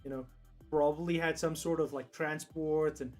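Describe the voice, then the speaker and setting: A man's voice: on the high side, fairly even intonation, moderate pace, soft background music. A young man with a South African accent chatting casually on a livestream, rambling, laughing often and swearing freely. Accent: South African English. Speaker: streamer.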